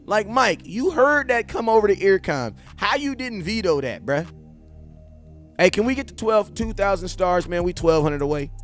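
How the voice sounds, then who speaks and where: A man's voice: high-pitched, lively intonation, normal speed, soft background music. A man hosting a casual sports livestream with a loose, rambling, slangy way of talking. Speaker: sports vlog host.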